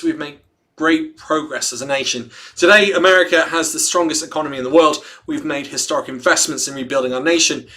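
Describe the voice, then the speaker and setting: A man with a bright, forceful, somewhat high voice hosts a casual livestream. He reads a written statement aloud, then breaks off to joke with viewers and laughs often, in an easy, chatty way. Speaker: livestream host.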